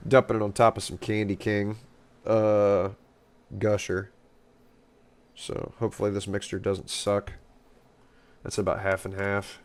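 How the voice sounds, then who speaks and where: A man's voice: fairly low pitch, completely flat delivery, unhurried, long pauses. Joking, foul-mouthed male game streamer. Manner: joking, profane, rambling. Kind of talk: casual gameplay chat.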